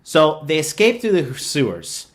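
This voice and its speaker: A man's voice: a little high, wildly swooping pitch, a little slow. A man giving a sarcastic, profane rant of a movie review, retelling scenes with exasperation. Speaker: online commentator.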